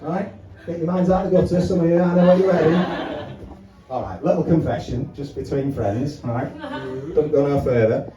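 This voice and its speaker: A man's voice: on the high side, normal speed, recorded from a distance, muffled recording. A man doing a stand-up comedy set, chatty and swearing, acting out phone calls, with a crowd laughing behind him. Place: small pub comedy room. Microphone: handheld mic, filmed from far by tripod camera. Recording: roomy pub room from afar with crowd laughter.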